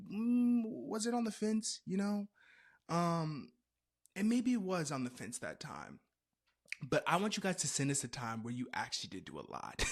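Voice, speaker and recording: A man in his twenties hosting a podcast, telling stories in a loose, animated way with playful asides. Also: mid-range voice. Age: 20s. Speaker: podcast host. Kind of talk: casual chat.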